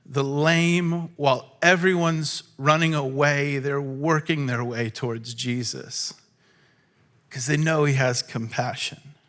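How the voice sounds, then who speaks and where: A man preaching a sermon in a church, acting out quotes and swinging from loud to hushed. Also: on the high side, fairly even intonation, takes it slowly. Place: church hall.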